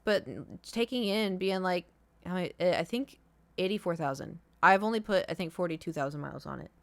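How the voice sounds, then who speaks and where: A woman's voice: lowish voice, fairly quick, gravelly, no room sound. A young woman streaming live, talking casually and rambling through a story with lots of filler words. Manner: rambling and chatty, with many fillers. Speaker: livestreamer.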